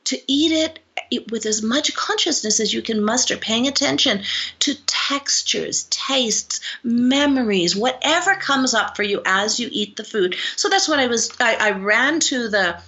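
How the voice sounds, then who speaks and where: Older woman storyteller, slightly high, forceful tone, muffled audio; acts out quoted voices. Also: animated, unhurried. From Guam. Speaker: psychologist guest. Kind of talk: storytelling in a podcast interview.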